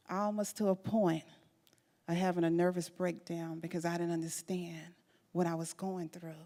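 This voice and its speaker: A middle-aged woman giving a church testimony as guest speaker, telling her story dramatically with repetition and emphatic rises. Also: on the low side. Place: church sanctuary. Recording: long church hall reverb.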